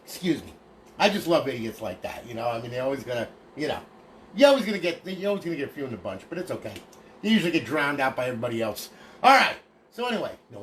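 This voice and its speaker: A man's voice: mid-range voice, fairly bright tone, slight background noise. A man casually walking through modded game consoles on a livestream, chatty and folksy, thanking each buyer by name.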